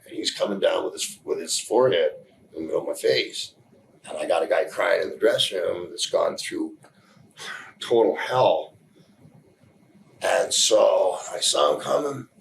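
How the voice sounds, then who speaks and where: A man giving a candid interview, telling a story in a rambling, halting way with many restarts, earnest and emotional in places. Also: sits low, vocal fry, slight background noise, poor audio. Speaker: interview guest.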